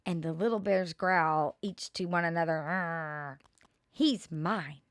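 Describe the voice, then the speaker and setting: An older woman reading children's poems aloud in a slow, expressive way, with playful asides. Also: mid-range voice, no echo, clean studio sound.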